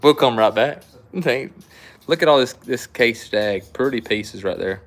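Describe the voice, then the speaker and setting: A middle-aged man with a drawl talks folksy and rambling, like he's hosting a live sale for viewers he knows. His voice sits at an ordinary, middling pitch, and the talk stays easygoing. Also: unhurried. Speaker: knife shop host. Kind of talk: casual live-stream sales chat.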